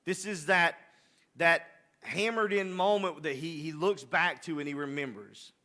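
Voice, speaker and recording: A man's voice: on the high side, a little slow, pushed and bright. A man preaching a sermon, rising to impassioned, emphatic delivery. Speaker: pastor.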